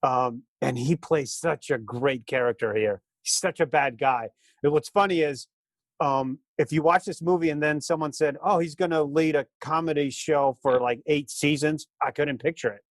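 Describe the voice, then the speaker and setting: A man's voice: fairly high pitch, normal speed, no echo. A man co-hosting a podcast, chatting casually with crude jokes and lots of fillers. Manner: joking, crude humor, filler-heavy. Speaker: podcast co-host. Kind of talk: casual chat.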